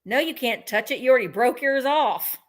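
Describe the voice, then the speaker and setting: A woman's voice: a little high, animated, fairly quick. A woman hosting a live-streamed vintage sale, chatting in a bubbly way and greeting viewers one by one. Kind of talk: live-stream sales chat.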